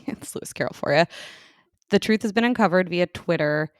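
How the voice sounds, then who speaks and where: A woman's voice: fairly low pitch, normal speed, clean tone, no echo, clean studio sound. A woman co-hosting a casual podcast chat, rambling with fillers and frequent giggles. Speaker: podcast co-host.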